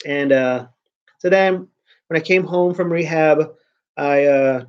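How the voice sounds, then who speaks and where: A man's voice: on the high side, takes it slowly, lo-fi sound. A man hosting his own vlog in casual chat, rambling along with frequent restarts and sentences that trail off. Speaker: vlogger host.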